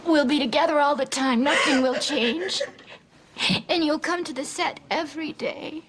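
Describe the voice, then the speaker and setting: An actress playing a sweet, eager young film star who talks in a gushing, affectionate way. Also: female voice, high voice, normal speed, a crowd in the background, lightly acted. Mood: pleading. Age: young adult. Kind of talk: TV movie drama.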